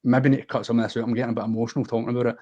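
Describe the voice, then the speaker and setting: A man's voice: medium pitch, level tone, very fast, dark tone, dull audio. Earnest Scottish man telling his story. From west of Scotland. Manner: earnest, heartfelt, unguarded. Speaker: guest. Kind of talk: candid personal storytelling in a podcast interview.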